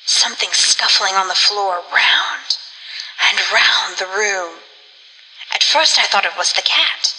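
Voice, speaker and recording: A woman voicing a harsh, miserly older woman who snaps and sometimes drops to a hushed whisper. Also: medium pitch, animated, slow, full character voice. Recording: long reverb.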